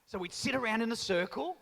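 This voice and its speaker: A man from Australia, raised by Italian parents, telling animated stand-up stories. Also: very high voice, creaky. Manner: animated storytelling with mimicry. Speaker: stand-up comedian. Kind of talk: stand-up comedy routine. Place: large town hall before a live audience. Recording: echoing town hall reverb.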